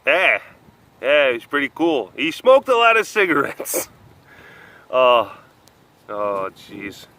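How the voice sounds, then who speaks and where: A man's voice: medium pitch, big pitch swings, slow pace, long pauses, sharp tone. Rambling, joking man outdoors. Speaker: vlog host at a wild animal facility. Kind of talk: rambling casual webcast. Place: outdoors at an animal compound.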